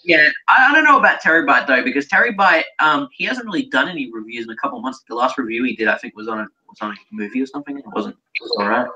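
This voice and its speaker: A man's voice: medium pitch, lively intonation, quick pace, bright, forceful tone, muffled recording. An Australian man co-hosting a casual livestream podcast, rambling and swearing freely. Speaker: co-host.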